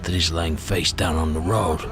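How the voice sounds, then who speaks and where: Deep-voiced deadpan male narrator. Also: normal speed, noisy background. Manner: deadpan, crude. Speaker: host. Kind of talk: mock-documentary narration. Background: loud music.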